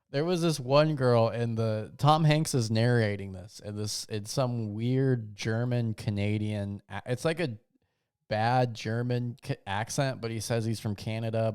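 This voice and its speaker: A young man hosting his own show in a loose, rambling rant. His voice is smooth and clear at a middle pitch. He talks in slang, trails off and restarts his sentences often. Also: a little mellow. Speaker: podcast host. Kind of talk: casual comedic rant.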